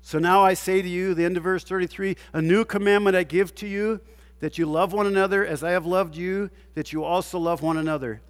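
A man with a fairly high voice delivers an emphatic sermon as a pastor. He fires off rhetorical questions and drops to near-hushed tones before rising again. His voice rings with a long reverb, as if in a large hall. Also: fairly even intonation, brisk.

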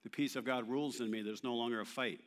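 In a church hall full of long reverb, a male pastor with a medium-pitched, steady voice preaches quickly. He leads the congregation in call-and-response, asking questions they answer aloud.

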